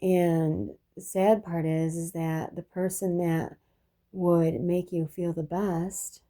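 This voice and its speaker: A woman's voice: on the low side, little pitch movement, slow pace, warm tone. A woman telling a personal story in a rambling, reflective monologue, restarting often and dropping profane asides.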